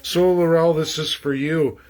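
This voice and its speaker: A man's voice: a little high, fairly even intonation, measured pace, a little mellow. A Canadian man from Alberta with an Albertan accent, talking in a rambling, earnest livestream monologue with many restarts and fillers. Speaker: livestream host. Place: outdoors in a rural area.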